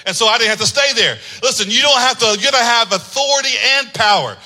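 A male pastor with a high, strikingly bright and forceful voice. He tells stories in a low, conversational way, then builds into loud, shouted preaching. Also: fast talker, rough recording. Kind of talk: sermon.

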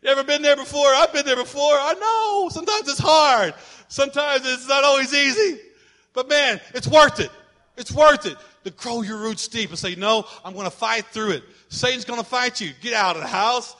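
A male pastor delivering a sermon, emphatic and repetitive, at times shouting. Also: extremely high pitch, normal speed.

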